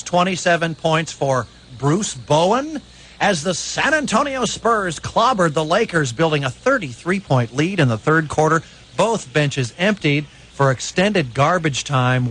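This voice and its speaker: Lively bright-voiced sports radio host. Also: male voice, high voice, a little hiss or hum. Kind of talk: sports news reading.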